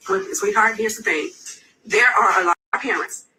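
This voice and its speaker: A woman's voice: medium pitch, normal speed, pushed and bright. A woman giving a friend impassioned, preachy advice in an emphatic way. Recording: distant mic with faint background noise.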